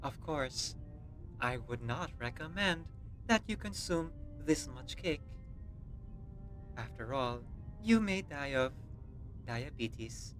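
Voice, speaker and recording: A man's voice: medium pitch, expressive, slow pace, long pauses, a bit bright, faint music behind. A man voicing a friendly male German robot android, speaking politely and formally in a put-on German accent.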